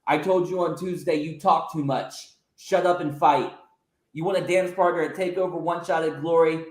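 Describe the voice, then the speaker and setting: A man voicing a terse, defiant female wrestling challenger who speaks in slow, clipped phrases. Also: fairly high pitch, fairly even intonation, voice pushed up, close to an everyday voice. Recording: roomy echo.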